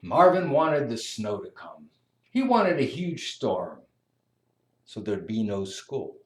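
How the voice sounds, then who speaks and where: A storyteller reads a children's picture book aloud at a medium pitch, slowly and expressively, with a sing-song lilt. The room gives the recording an echo.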